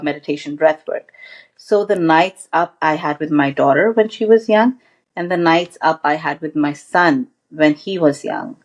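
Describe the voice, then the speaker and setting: A woman mindfulness coach as a podcast guest, talking earnestly and reflectively, often restarting her sentences. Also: on the low side. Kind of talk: casual interview chat.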